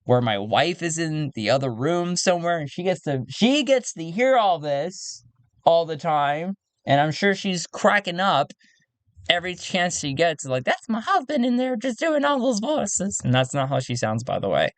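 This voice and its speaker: A man's voice: fairly high pitch, animated, normal speed, no room sound. A man narrating a solo tabletop role-play game in a casual way, thinking aloud with restarts and laughter.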